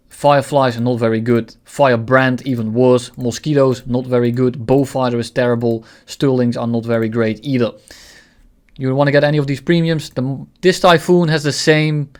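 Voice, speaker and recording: A man at an ordinary middle pitch gives casual, opinionated game commentary. He talks bluntly, swears freely and slips into rants about what he dislikes. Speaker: gaming video creator.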